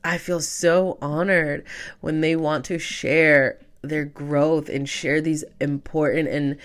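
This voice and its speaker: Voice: mid-range voice, steady tone, slow, a bit bright, faint music behind. A podcast host and tarot reader giving an emotional, casual sign-off, tearful, chatty and freely profane.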